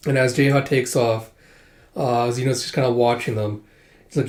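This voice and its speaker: A man reading through a manga volume in a casual way, acting out the characters' lines in quick bursts with plenty of fillers. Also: medium pitch. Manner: animated, voices characters in bursts, many fillers. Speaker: manga reader. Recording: roomy echo.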